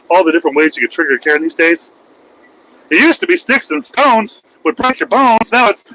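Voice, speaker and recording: A man's voice: a little high, wildly swooping pitch, moderate pace, over music, rough recording. A man, a truck driver, ranting on a casual livestream from his cab while driving, crude and taunting. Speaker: truck driver streaming live.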